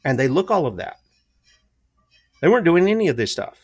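A man hosts a casual political commentary with a somewhat high voice. He talks emphatically and keeps firing rhetorical questions at his listeners. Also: sing-song, fairly quick, slightly rough, faint music behind. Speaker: commentary show host.

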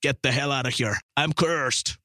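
A man voicing a possessed young woman in a low, guttural, sullen voice. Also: moderate pace, bright, forceful tone, dry recording, clean studio sound, natural voice.

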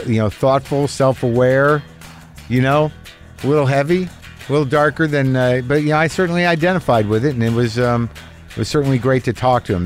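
A man hosting a podcast interview in a loose, chatty way, swearing freely. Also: mid-range voice. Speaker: podcast host. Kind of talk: casual conversational interview.

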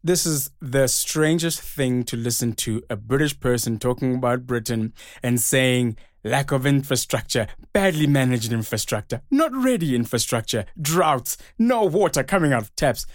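A man's voice: medium pitch, animated, normal speed, no room sound, studio quality. A man co-hosting a podcast, playful and teasing as he introduces and questions the guest. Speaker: podcast co-host. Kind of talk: podcast interview, casual chat.

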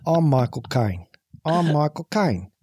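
A man's voice: on the high side, sing-song, dark tone, slightly rough, no echo, clean studio sound, full character voice. A man doing a hacky impression of a famous older English film actor, in a put-on Cockney drawl. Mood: deadpan. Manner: hammy, deliberately hacky impression.

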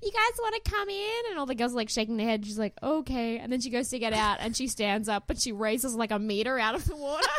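A young woman chats with a friend, giggling often and peppering her talk with "like". Her voice sits fairly high and the sound is dry and close. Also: brisk, no echo. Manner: giggly, animated, swearing, lots of "like". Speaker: podcast co-host. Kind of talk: casual chat.

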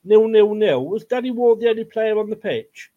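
Male podcast co-host, high voice, blunt and sweary, muffled recording. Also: expressive, moderate pace. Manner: blunt, swears, rambling with fillers. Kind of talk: casual football chat. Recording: dull lo-fi sound.

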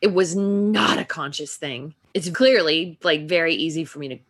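A woman's voice: sits low, normal speed. A woman from Texas, an actress and improviser, telling stories in a casual interview and laughing often. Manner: animated storytelling, laughs often.

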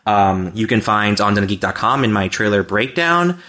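A man's voice: on the low side, animated, normal speed, pushed and bright. A man hosting a podcast in casual, joking chat. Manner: joking, teasing. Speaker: podcast host.

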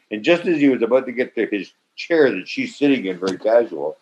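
An older man on a video call telling an animated anecdote, acting out quotes with swearing and sudden loud bursts. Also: on the low side, a little fast, hardly any pauses, slight background noise. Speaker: actor interview guest. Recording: slightly muffled video-call audio.

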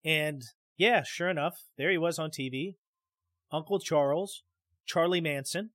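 A man's voice: fairly high pitch, measured pace, fairly bright tone, no room sound. A man hosting a podcast, telling a story in a loose, rambling way with many restarts, and speaking straight to his listeners. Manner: addresses listeners directly. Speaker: podcast host. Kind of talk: casual storytelling.

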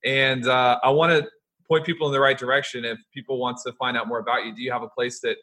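A man hosting a podcast, making brief interjections and warmly wrapping up the interview. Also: medium pitch, flat delivery, fast talker. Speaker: podcast host. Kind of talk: casual interview chat.

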